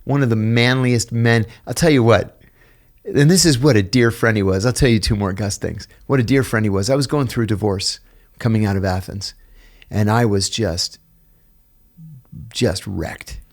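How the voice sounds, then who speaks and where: A man's voice: fairly low pitch, normal speed. A middle-aged American man, a podcast guest, telling personal stories in casual talk and acting out the people he quotes. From United States. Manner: animated storyteller, acts out quoted voices, laughs at own stories. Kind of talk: casual storytelling interview.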